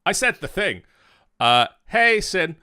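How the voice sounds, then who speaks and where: A man hosting a tabletop game stream, chatting in an animated, self-mocking way at his desk mic. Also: high voice, slow, clear, resonant tone, no room sound, studio quality. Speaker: host and dungeon master. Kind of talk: casual stream chat.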